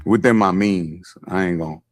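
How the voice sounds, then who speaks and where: A man appearing as a guest on an interview show, talking in a laid-back, unhurried casual way. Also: low voice.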